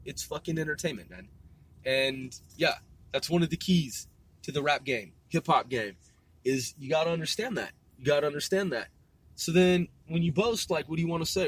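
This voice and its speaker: A man hosting a solo podcast, rambling loosely with lots of swearing, fillers and repeated words. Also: a little high. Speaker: podcast host.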